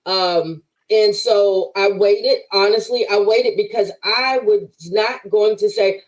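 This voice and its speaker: A woman's voice: mid-range voice, takes it slowly, few pauses, poor audio. Emphatic woman giving a faith testimony. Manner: emphatic, preacherly, addresses listeners as "y'all". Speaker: podcast guest.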